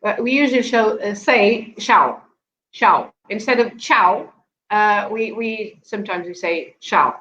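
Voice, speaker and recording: A woman's voice: medium pitch, a little slow, fairly bright tone, lo-fi sound, slight background noise. A woman with a Portuguese accent, a native Portuguese speaker, explaining her language in a casual chat, giggly and explanatory. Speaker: language guest.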